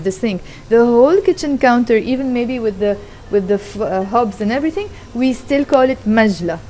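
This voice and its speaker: A woman's voice: a little high, a little mellow, a little hiss or hum. A woman giving a casual vlog language lesson from her home kitchen while doing the dishes, patiently repeating and explaining each word. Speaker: language teacher.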